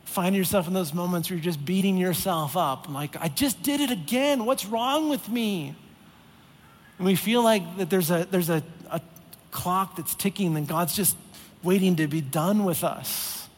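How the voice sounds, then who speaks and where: A man's voice: high-pitched, slight background noise. A man preaching a sermon, earnest, with heavy repetition for emphasis. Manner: earnest, repetitive emphasis, acts out exasperated voices. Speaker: pastor. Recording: long reverb of a large hall.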